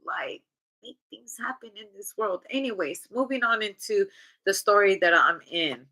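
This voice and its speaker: Blunt, chatty woman with a bright edge. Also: mid-range voice, animated, normal speed, rough recording. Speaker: tarot reader. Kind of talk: casual tarot reading vlog.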